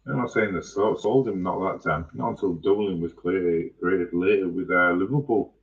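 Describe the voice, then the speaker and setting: A man's voice: deep voice, moderate pace, far from the mic, phone-quality sound. A man in a rambling, profane, angry monologue. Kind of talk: ranting monologue.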